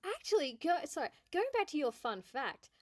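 A woman's voice: high voice, big pitch swings, normal speed, dry recording. A woman chatting casually on a podcast, giggly and self-deprecating. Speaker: podcast co-host. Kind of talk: casual chat.

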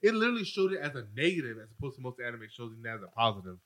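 A man's voice: medium pitch, sing-song, fairly bright tone. A man co-hosting a casual podcast, hedging and filling his talk with "like". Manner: quick, hedging with "I think", lots of "like". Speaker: podcast co-host. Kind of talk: casual chat.

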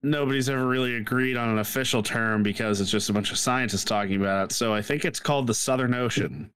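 A man's voice: medium pitch, fast, a bit bright, clean tone, dry recording. A young man co-hosting a casual news podcast, talking in an opinionated but hedging way. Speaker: podcast co-host.

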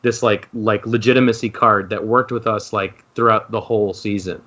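A man's voice: fairly low pitch, steady tone, normal speed, fairly bright tone, highs cut off. A man talking as a podcast guest in a rambling, casual way, full of fillers and restarts. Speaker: guest, docuseries co-creator.

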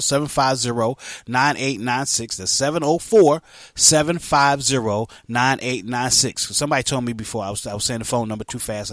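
A man's voice: mid-range voice, fairly bright tone, no room sound, clean studio sound. A man hosting a casual talk radio show, playful and loose, often repeating himself as he talks.

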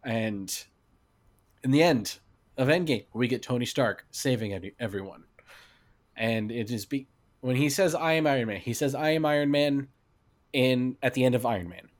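A man's voice: medium pitch, expressive, moderate pace. A man co-hosting a casual movie podcast, talking eagerly and restarting his sentences often. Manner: enthusiastic, restarts often, quotes lines. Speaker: podcast co-host. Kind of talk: casual film discussion.

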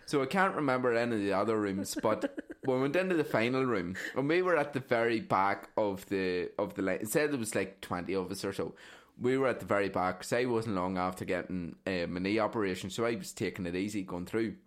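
A man with a lowish voice spins rambling, profane stories on a casual podcast. He keeps tagging "right?" and "like" onto his sentences as he goes. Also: a little fast, few pauses. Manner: rambling, fillers like "right?" and "like", swears freely. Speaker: podcast co-host. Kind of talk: casual storytelling chat.

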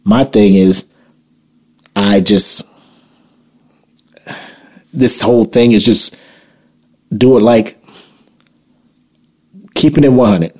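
A man's voice: lowish voice, slow, long pauses, a little mellow, breathy edge. Blunt, heated man ranting on a podcast. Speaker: podcast host. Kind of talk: opinion monologue podcast.

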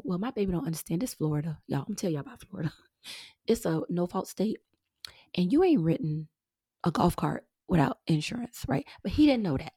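A middle-aged woman hosting her own show, talking earnestly and warmly to listeners she calls y'all, sometimes dropping to a breathy near-whisper. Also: lowish voice, animated, a little fast, no room sound, clean studio sound. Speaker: podcast host. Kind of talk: heartfelt casual monologue.

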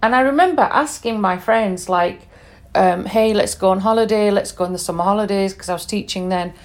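A woman's voice: medium pitch, brisk. Chatty British woman telling travel stories. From England. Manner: chatty and candid, with many fillers and asides to the listener. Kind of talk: casual storytelling monologue.

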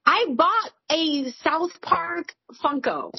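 A woman's voice: very high voice, animated, slow, creaky, no room sound, muffled recording. A woman in her forties, a podcast co-host, telling candid stories in casual chat, full of "like" and swearing. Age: 40s. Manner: candid, swearing, storytelling with lots of "like".

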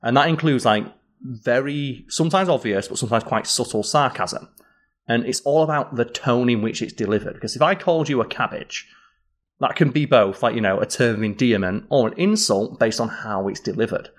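Bantering male co-host, casual chat, mid-pitched. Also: brisk. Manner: bantering, explains slang with acted examples. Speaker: podcast co-host.

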